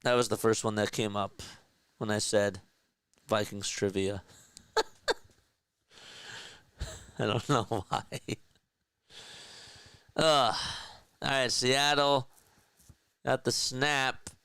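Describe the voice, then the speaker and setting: Casting note: male play-by-play streamer, easygoing and chatty with viewers, smooth voice recorded dry. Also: mid-range voice, fairly even intonation, slow, long pauses, a bit bright, no echo. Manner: casual, chats with viewers between plays. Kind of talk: live play-by-play commentary.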